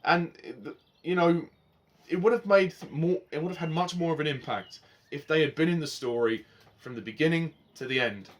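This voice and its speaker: A man's voice: fairly high pitch, normal speed. Passionate, rambling man reviewing a show. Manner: passionate and rambling, swings from heated to soft. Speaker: TV series reviewer. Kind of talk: casual spoken review.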